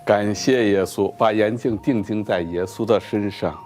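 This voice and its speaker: A man from China recounts his faith in a low, mellow voice, measured and earnest. Faint music plays softly behind him as he gives his testimony in an interview. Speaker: interviewee, Christian preacher. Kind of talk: religious testimony.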